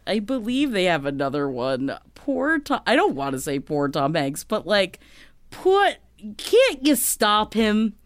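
A woman's voice: mid-range voice, wildly swooping pitch, unhurried, no room sound, clean studio sound. A woman co-hosting a podcast in casual chat, telling stories with fillers and frequent laughter. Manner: laughs often, storytelling with fillers. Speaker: podcast co-host.

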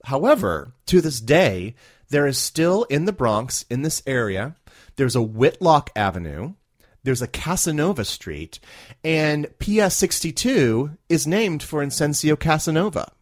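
A man's voice: fairly high pitch, unhurried, dry recording, clean studio sound. A man co-hosting a history podcast, explaining local history and chiming in with playful questions. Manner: animated, asks playful questions, laughs easily. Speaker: podcast co-host. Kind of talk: casual history chat.

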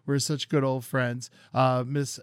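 A man's voice: medium pitch, flat delivery, unhurried, clean tone, dry recording, studio quality. A man co-hosting a comedy chat show, joking and rambling, swearing freely. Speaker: co-host.

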